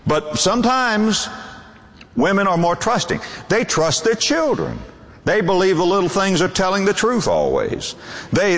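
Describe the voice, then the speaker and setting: An older male preacher delivering a sermon, his voice sitting a little high and rising and falling widely. He acts out the husbands and wives he quotes as he goes. The long reverb of a large hall trails behind his words. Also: a bit bright.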